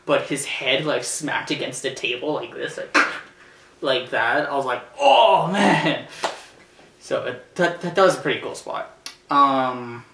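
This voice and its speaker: A man hosting a casual review, rambling and hesitant with many fillers and restarts, breaking into loud shouted impressions as he retells the action. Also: medium pitch, normal speed. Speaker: show host reviewing a wrestling event. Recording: roomy, distant from the mic, faint noise.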